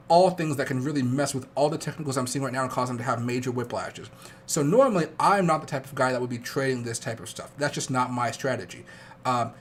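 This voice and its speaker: Fast-talking young man hosting a trading stream. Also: medium pitch, fairly bright tone, slight background noise. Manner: fast rambling chatty, with fillers. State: sick, coughing. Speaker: trading livestream host. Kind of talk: casual livestream talk.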